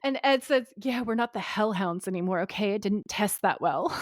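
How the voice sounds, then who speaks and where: A woman's voice: mid-range voice, moderate pace, no echo, clean studio sound. A woman co-hosting a podcast, recapping an episode in casual chat and acting out characters' lines. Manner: animated, quoting characters in voices. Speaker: podcast co-host.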